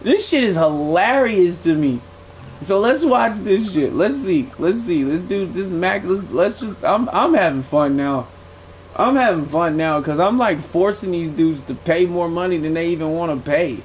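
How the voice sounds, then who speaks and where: A man's voice: high-pitched, animated, moderate pace, a little hiss or hum. A young man streaming a game live, giving blunt, profane play-by-play commentary that swings into aggravation. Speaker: gaming streamer.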